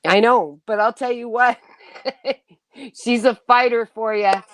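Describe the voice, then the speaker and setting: A middle-aged woman hosts a casual livestream chat, her voice a little high and steady, taking things slowly in a dry recording. She's warm and emotional with viewers, laughing often and restarting her sentences.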